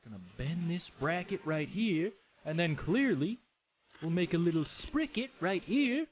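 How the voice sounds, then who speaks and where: A man's voice: fairly high pitch, animated, measured pace, highs cut off, slight background noise. A man joking his way through comic reaction commentary on viral videos, playful and exclamatory.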